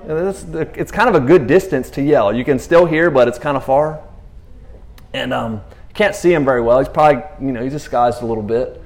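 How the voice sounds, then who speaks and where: A man preaching casually, retelling scripture in an animated way with laughing asides. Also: mid-range voice, fairly quick. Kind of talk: casual sermon.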